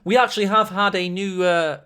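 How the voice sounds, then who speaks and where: A man's voice: high-pitched, fairly even intonation, a little fast, pushed and bright, clear, resonant tone. A man casting a strategy-game match on a live stream, chatty and rambling with self-mocking asides. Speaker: esports caster.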